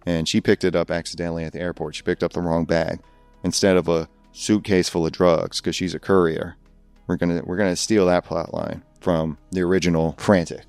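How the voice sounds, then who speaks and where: A man's voice: low-pitched, level tone, fairly quick, darkish tone, clean tone, dry recording, soft background music. A man hosting a podcast, rambling through a comedic monologue and laughing at his own jokes. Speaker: podcast host.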